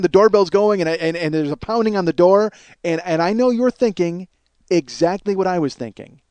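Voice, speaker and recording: A man hosting a podcast, telling a long rambling story on his own, full of swearing, trailing off into mumbles and then rising to excited shouting. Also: sits high, brisk, clear, resonant tone, no echo. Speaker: podcast host. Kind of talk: solo storytelling monologue.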